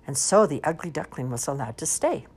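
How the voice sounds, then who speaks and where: A woman reading storybooks aloud in an expressive, lively storytelling manner. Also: deep voice, fairly quick, slightly rough. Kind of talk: animated storybook read-aloud.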